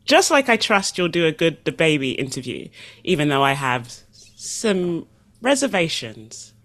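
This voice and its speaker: A woman's voice: low voice, sing-song, a little slow, fairly bright tone. A woman co-hosting a casual podcast chat, answering with dry, blunt quips. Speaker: podcast co-host.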